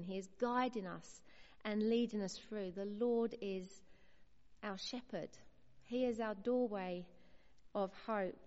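A woman's voice: mid-range voice, a little mellow. Earnest woman preaching in a hall. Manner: earnest, measured and encouraging, with pauses between phrases. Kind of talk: sermon. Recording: muffled sound in a reverberant hall.

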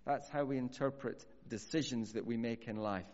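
A man preaching a sermon earnestly, slowing down to stress key phrases. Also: medium pitch, darkish tone. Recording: dull audio with long hall reverb.

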